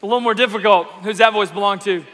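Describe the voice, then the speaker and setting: A man in his thirties preaching a sermon in a lively, playful, conversational way. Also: high voice, fast. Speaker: pastor. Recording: echoey church hall.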